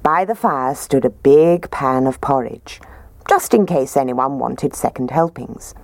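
A woman reading a children's storybook aloud in a gentle, expressive way. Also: extremely low pitch, unhurried, vocal fry, no room sound.

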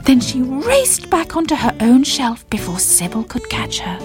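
A woman reading a children's story aloud with a lively, expressive storybook manner. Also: high voice, normal speed. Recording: children's music behind the voice.

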